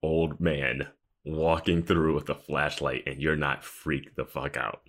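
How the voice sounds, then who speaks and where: A man co-hosting a podcast jokes and laughs while reviewing a TV episode, swearing casually along the way. His bass voice is a bit bright, with a flat, slightly slow delivery.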